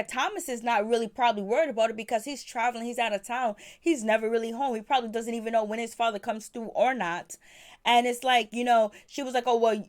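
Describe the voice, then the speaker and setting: Chatty woman recapping a TV episode. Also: on the high side. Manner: chatty, opinionated, quotes people in voices. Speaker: TV recap host.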